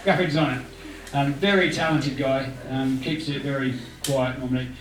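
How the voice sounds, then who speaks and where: A male organiser rambles slightly through an informal thank-you to a gathering, adding playful asides. His voice is mid-range and steady, moving at a normal speed. It's recorded far away in a roomy indoor community hall.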